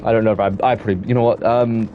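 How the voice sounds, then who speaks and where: A man's voice: on the low side, flat delivery, racing, narrow, tinny audio, slight background noise. A young man with an English accent chatting casually with his viewers while streaming a game, rambling on and restarting his sentences. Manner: rambling, self-admitted waffling with many restarts. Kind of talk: casual gaming stream chat.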